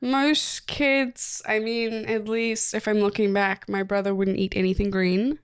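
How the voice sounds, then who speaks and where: A woman's voice: medium pitch, flat delivery, a little slow, smooth, dry recording, studio quality. A woman with a South African accent co-hosting a podcast, chatting casually and laughing often. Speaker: podcast co-host. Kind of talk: casual chat.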